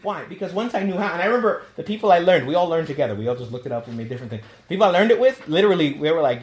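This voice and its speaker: A priest with a New York accent giving a talk to young adults, telling jokey stories and acting out quotes. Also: male voice, fairly high pitch, expressive, very fast, few pauses, roomy sound. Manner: storytelling, jokey, acts out quotes. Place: meeting room.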